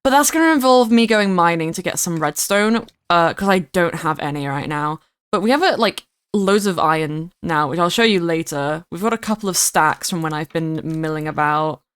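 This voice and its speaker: A woman's voice: lowish voice, lively intonation, normal speed, hardly any pauses, clean tone, dry recording. A woman streaming herself playing a game, chatting and rambling casually as she greets viewers by name. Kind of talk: casual livestream gameplay chat.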